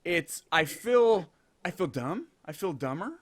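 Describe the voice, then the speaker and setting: A man's voice: high-pitched, big pitch swings, unhurried. A man from the United States hosting a casual podcast over a video call, rambling and joking about himself. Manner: rambling, self-deprecating, jokey. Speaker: podcast host.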